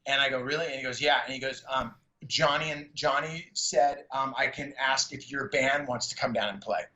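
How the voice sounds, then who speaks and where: A man's voice: mid-range voice, fairly even intonation, moderate pace, sharp tone. A middle-aged man from the San Francisco Bay Area, a stand-up comedian guesting on an interview. He tells stories in casual slang and acts out other people's lines with a raised voice. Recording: echoey room, slightly dull sound.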